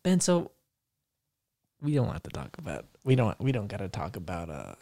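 Young guy cohosting a podcast, gravelly voice, laid-back jokey chat, dry close sound. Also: lowish voice, wildly swooping pitch, normal speed, warm tone, no room sound. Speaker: podcast co-host. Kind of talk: casual chat.

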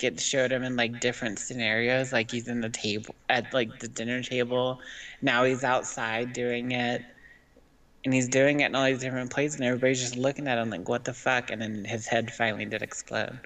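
Man, casual chat, bright sharp voice, blunt, swears. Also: mid-range voice, flat delivery, fairly quick, far from the mic. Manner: blunt, swears, tells stories.

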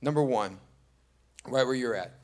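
A middle-aged man preaches as pastor at a moderate pace, his voice sitting in the mid range. He shares stories conversationally before building to points he drives home through repetition.

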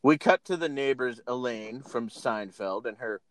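A man's voice: mid-range voice, moderate pace, no room sound. A man hosting a casual podcast chat, retelling a film's scenes with frequent laughter. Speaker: podcast host. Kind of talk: casual chat, recapping a film.

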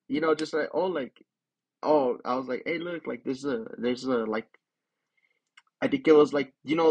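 A man's voice: mid-range voice, husky. Young man rambling through a personal story. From Denver area. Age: young adult. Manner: rambling, fills with "like", swears freely. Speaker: podcast host. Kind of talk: casual storytelling.

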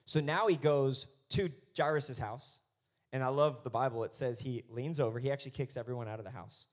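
A man preaches to his congregation in a loose, conversational way, his voice sitting in an ordinary middle pitch. He often swells into loud, fervent passages while driving his points home. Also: a little fast. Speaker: pastor. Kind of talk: sermon.

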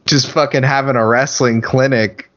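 A man of middle pitch chats loosely on a podcast, joking and cursing as he talks. The recording sounds dull and lo-fi. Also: fairly even intonation, moderate pace, fairly bright tone. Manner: joking, profane, chatty. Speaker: podcast co-host. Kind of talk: casual chat.

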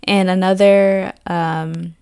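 A podcast host with a faint morning rasp. Her voice sits a touch low, and she talks in an earnest, meandering way full of "like" fillers. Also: flat delivery, slow, warm tone. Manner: earnest, rambling, many "like" fillers. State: slightly hoarse morning voice. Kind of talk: casual faith podcast reflection.

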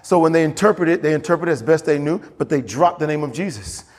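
A pastor preaching a sermon in a church, getting animated and climbing high as he acts out scripture. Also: fast talker, big-room sound.

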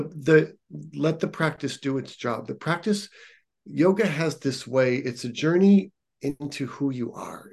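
In a relaxed podcast chat, a yoga teacher speaks with a mid-range voice and a darkish tone. He sounds earnest and encouraging, like a coach, often repeating phrases to drive a point home.

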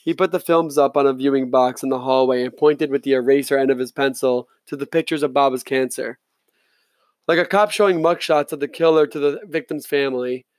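A man reading an audiobook in steady, first-person narration. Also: medium pitch, dry recording.

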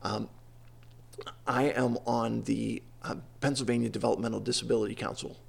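A man with a gravelly, creaky voice hosts a conversational interview. He asks long, thoughtful questions. He pauses and restarts as he works out his words. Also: mid-range voice, little pitch movement. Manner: thoughtful, hesitant, lots of ums and restarts.

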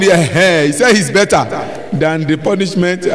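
A man preaching a sermon, asking the congregation to finish his sentences and breaking into sudden shouts. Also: high-pitched, moderate pace. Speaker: pastor. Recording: long hall reverb, faint noise.

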